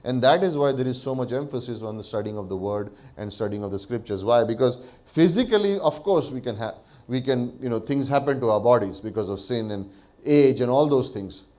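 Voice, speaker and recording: In a church, a male pastor delivers a sermon in a mid-range, slightly mellow voice, animated and a little fast. He poses rhetorical questions to the congregation, answers them himself, and laughs lightly between points.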